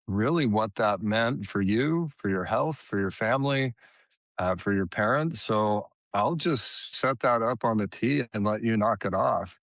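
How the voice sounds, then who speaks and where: A man's voice: lowish voice, a bit bright, no room sound. A man hosting a podcast interview, speaking earnestly and sincerely to his guest. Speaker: podcast host.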